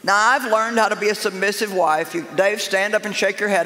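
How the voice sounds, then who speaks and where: An older woman preaching a humorous sermon, telling stories in an animated, sassy, self-mocking way. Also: mid-range voice, fairly quick, few pauses, very noisy. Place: large church auditorium with a live congregation. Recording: echoey hall with crowd laughter.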